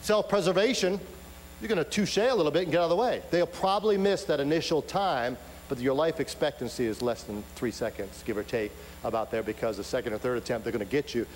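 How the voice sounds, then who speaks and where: A man's voice: mid-range voice, fast talker. A man preaching a sermon, telling stories animatedly and acting out the voices of the people in them. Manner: animated storytelling with acted-out voices and shouts. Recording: echoey hall with faint hum.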